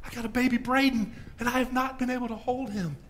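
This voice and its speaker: A man's voice: extremely high pitch, fairly even intonation, fast, a little hiss or hum, pitched above the performer's own voice. A man voicing a healed new father eager to hold his baby son, earnest. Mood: yearning. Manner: earnest, hushed at the end.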